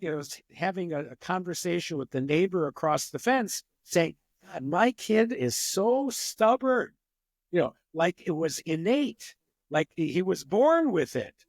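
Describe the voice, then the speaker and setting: An older man, a psychologist guest on a podcast, explaining parenting with lively acted-out examples. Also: high voice, no room sound. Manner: animated storyteller who acts out examples. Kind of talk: podcast interview.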